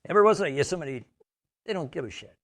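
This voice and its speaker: A man's voice: fairly high pitch, lively intonation, rapid-fire. Man giving a chatty training talk. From United States. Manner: anecdotal, conversational, asks "right?" often. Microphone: studio mic.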